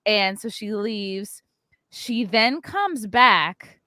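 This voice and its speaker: A woman hosts a podcast and tells a story as casual chat. She is animated and acts out the voices of the people in it. Her pitch sits in the middle range, and the sound is dry and close. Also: drawn-out words, no echo. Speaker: podcast host.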